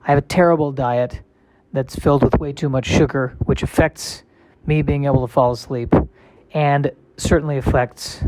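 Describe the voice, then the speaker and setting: A man's voice: mid-range voice, steady tone, moderate pace, hardly any pauses, darkish tone, slight background noise. A male comedian in a casual solo monologue, rambling and self-deprecating with a wry tone.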